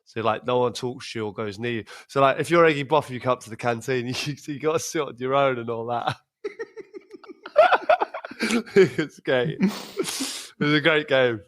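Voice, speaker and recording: A man's voice: mid-range voice, normal speed, fairly bright tone. A man casually telling a funny story on a podcast, laughing often and repeating words as he goes. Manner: laughs through his stories, repeats words, acts out quotes. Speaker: podcast host, former footballer.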